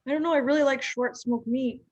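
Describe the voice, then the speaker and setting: A performer doing a naive young husband who cannot see the obvious, rambling breathily with a constant "like". The voice sits fairly high and has a breathy edge. It comes through dull and dry, as if over a lo-fi mic. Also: steady tone, fairly quick, no echo. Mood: eager. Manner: rambling, full of "like", mimics others' voices. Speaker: recurring comedy character. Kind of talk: improvised comedy bit.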